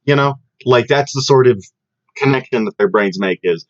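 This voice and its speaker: Young dude rambling on a podcast, tons of likes and you knows, kinda muffled audio. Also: male voice, medium pitch, normal speed. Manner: rambling, animated, many fillers and restarts. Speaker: podcast co-host. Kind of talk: casual chat.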